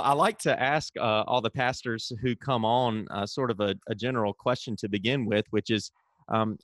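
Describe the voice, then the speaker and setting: A man's voice: lowish voice, no echo, studio quality. A man with a Southern US accent hosting a podcast, reading a scripted intro and then chatting with many fillers. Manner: hesitant with many fillers when unscripted. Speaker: podcast host.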